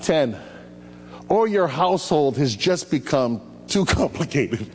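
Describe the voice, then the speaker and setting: A male pastor preaches a sermon slowly, animated and playful, calling out to the congregation for responses. His fairly high voice carries through a church hall with a long echo, and a faint hum sits under the recording.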